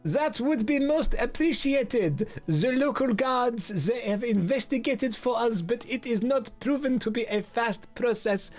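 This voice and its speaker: A man voicing a fussy middle-aged male museum curator in a put-on mock German-French accent, with a slow, drawn-out, theatrical delivery. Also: extremely high pitch, faint music behind, voice pushed up. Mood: earnest.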